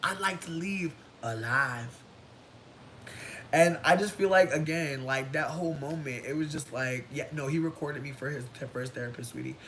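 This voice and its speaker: A man's voice: steady tone, brisk, few pauses, fairly bright tone, rough recording. A man casually telling a personal story to his livestream viewers, sassy and dramatic, with slangy asides. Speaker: livestream host. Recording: low rumbling background noise.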